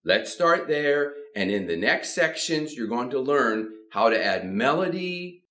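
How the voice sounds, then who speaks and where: Middle-aged male speaking coach with a highly animated pitch; encouraging, upbeat lesson delivery. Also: a little slow. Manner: demonstrates pitch by swooping high and low. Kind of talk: instructional video lesson.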